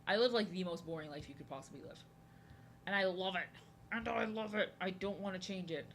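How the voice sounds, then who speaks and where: This young woman, an art streamer, keeps up a chatty conversation with her live chat as she draws, answering messages and often doubling her words. Her pitch is fairly low, her pace fast, and a slight hiss or hum runs underneath.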